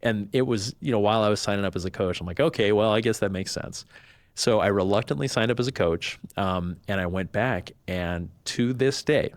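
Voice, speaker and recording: A man in his thirties sits as a podcast guest and tells a long personal story in an easy, conversational way. His voice sits on the low side, and he slips into other people's voices when he quotes them. The sound is dry and close, with no room around it. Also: brisk, no room sound. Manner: animated, acts out quoted voices. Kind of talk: storytelling in casual chat.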